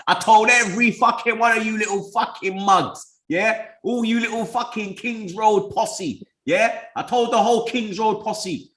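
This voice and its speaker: A man trash-talks rival fans in swearing, slang-heavy banter. His voice sits high and swings widely, bright and cutting. The room around him echoes. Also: lively intonation, unhurried, few pauses. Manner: profane, taunting, London slang. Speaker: show host. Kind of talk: heated football banter.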